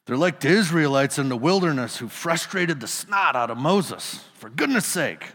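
A man's voice: medium pitch, a bit bright, long reverb tail. A male pastor preaching a sermon in a casual storytelling manner, putting his listeners into the scene.

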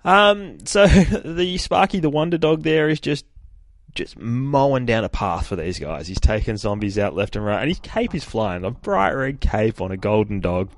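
A man's voice: medium pitch, expressive, normal speed, no echo, clean studio sound. A man hosting a podcast, casually retelling a comic with frequent swearing and laughter. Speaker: podcast host. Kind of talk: casual comic book review.

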